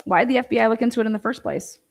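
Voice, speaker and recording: A woman's voice: fairly high pitch, rapid-fire, gravelly. A woman giving an indignant, sarcastic commentary with lots of profanity. She reads court filings aloud and then rebuts them. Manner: mocks others in quoted voices. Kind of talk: ranting commentary on a court case.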